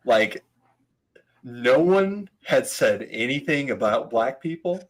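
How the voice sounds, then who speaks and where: A man in his thirties chatting casually, telling animated stories, laughing often and mimicking voices. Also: mid-range voice, slow pace, rough recording. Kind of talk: casual chat.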